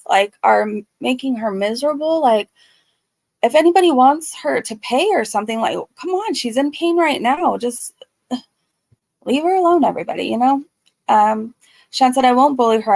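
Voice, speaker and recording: A woman hosting a casual livestream, reading chat comments aloud and answering them in an earnest, soft-spoken way with many ums and likes. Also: fairly high pitch, gravelly, dry recording. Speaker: YouTube commentary host reading live chat.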